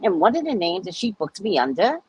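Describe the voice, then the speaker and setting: A woman's voice: mid-range voice, big pitch swings, a little fast, husky. A woman telling her viewers a story in a blunt, heated, profane way, reading text messages aloud as she goes. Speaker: psychic reader recounting a client dispute.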